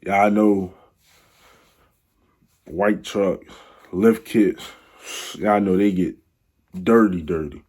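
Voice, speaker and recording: A man's voice: sits low, slow pace, long pauses, darkish tone, breathy edge. A young man telling a rambling, slang-filled story in a casual storytime vlog. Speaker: vlogger.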